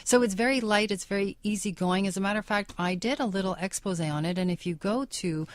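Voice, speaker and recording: A woman's voice: mid-range voice, fairly quick, dry recording. A woman hosting a radio show in a studio, chatting in an upbeat, promotional way. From Canada. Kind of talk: casual radio chat.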